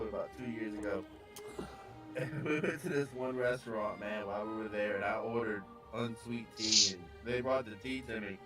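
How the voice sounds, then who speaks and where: A man in a casual chat telling a story loudly, laughing often and saying "dude". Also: medium pitch, echoey room, distant mic. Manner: loud storytelling, laughs a lot, says "dude".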